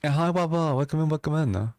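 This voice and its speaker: A man's voice: on the high side, quick pace, darkish tone, no room sound, clean studio sound. A man chatting casually with viewers as a livestream host, joking around.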